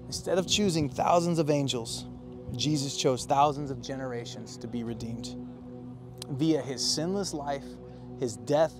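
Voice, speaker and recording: A man preaching a sermon as pastor, animated and emphatic, swinging between loud bursts and quiet, earnest stretches. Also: medium pitch.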